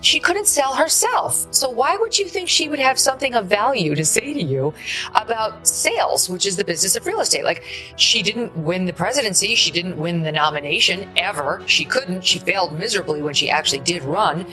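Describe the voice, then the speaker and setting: A woman's voice: fairly low pitch, sharp tone, rough recording. A woman talk show host chatting in a scornful, joking manner. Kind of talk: casual chat.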